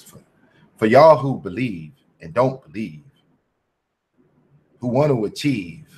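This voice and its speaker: A man's voice: mid-range voice, animated, slow, long pauses, dark tone, slight background noise. A man hosting a casual commentary livestream, talking in a profane, preachy, motivational way. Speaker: channel host.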